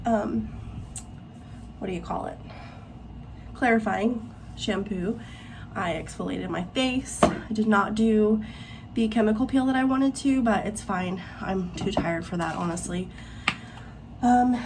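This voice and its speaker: With a phone propped in her bathroom cabinet, a twentysomething vlog host from Missouri chats breathlessly to camera and over footage, rambling with plenty of fillers. Her voice is mid-range, and the background is noisy.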